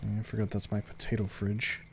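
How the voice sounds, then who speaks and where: A man's voice: lowish voice, completely flat delivery, a little fast, vocal fry, a little hiss or hum. A man streaming a video game, thinking aloud in a casual way with the odd swear. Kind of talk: live gameplay commentary.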